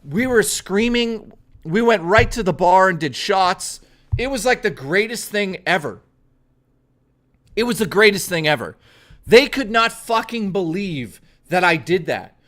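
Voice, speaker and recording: A man's voice: sits high, lively intonation, unhurried, a bit bright. A male streamer telling a story to his live chat in a blunt, profane, chatty way, speaking straight to his viewers.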